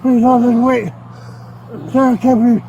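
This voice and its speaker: A man's voice: very high-pitched, flat delivery, moderate pace, muffled recording, noisy background. A man under arrest, in pain and short of breath, pleading desperately at a roadside, caught on an officer's body camera. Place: outdoors at a roadside. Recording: bodycam audio with voices around.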